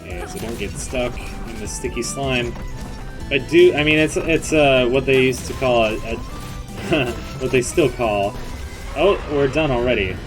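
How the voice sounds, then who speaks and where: A man giving casual, rambling commentary as he plays a video game, with a middle-pitched voice. He keeps undercutting himself with self-mocking jokes. Loud game music plays behind him throughout. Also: a little slow. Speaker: let's play host.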